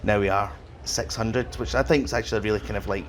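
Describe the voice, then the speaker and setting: A man's voice: fairly low pitch, steady tone, fast, slight background noise. A man interviewing a guest for a fan society, asking questions hesitantly with many fillers.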